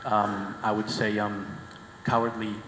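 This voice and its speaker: Low-voiced man asking a hesitant question. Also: level tone, measured pace, fairly bright tone. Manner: hesitant, many fillers, earnest. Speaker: audience member asking a question. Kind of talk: conference Q&A. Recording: echoey hall, faint background noise.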